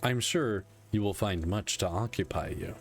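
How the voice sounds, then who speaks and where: A man reading aloud the lines of a weary male god-king who speaks dryly and candidly, in a plain, measured voice. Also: on the low side, faint music behind, close to an everyday voice. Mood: solemn.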